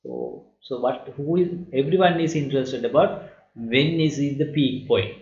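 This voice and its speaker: A man teaching math in a recorded lecture, explaining slowly and checking in with "right?" again and again. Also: medium pitch, sing-song, a little mellow. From Sri Lanka. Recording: lo-fi echoey room.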